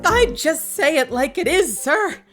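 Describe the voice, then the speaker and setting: A woman voicing an overeager young male court bailiff in a game, shouting every line and closing each with "sir". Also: sits high, animated, moderate pace, over music, pitched above the performer's own voice. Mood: zealous, dramatic. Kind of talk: game voice acting on a stream.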